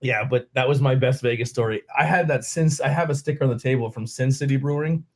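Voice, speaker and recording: Lively storytelling man from Pennsylvania. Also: medium pitch, quick pace. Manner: animated, quotes people in raised voices, laughs often. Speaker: podcast host. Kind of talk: casual storytelling chat.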